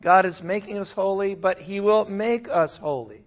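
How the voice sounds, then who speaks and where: A man with a high voice preaching a sermon, chatty and animated, often breaking off into asides. The recording is slightly dull and lo-fi, which softens the crisp edges of his speech. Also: normal speed. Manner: conversational, animated with asides and laughs. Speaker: pastor.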